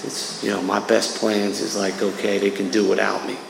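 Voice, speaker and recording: Gravelly and fairly low, this New Jersey man speaks at a moderate pace with a flat delivery. As the AA speaker at a recovery meeting, he tells his story casually and streetwise, leaning repeatedly on "man." The church hall is echoey with long reverb, plus slight hiss or hum.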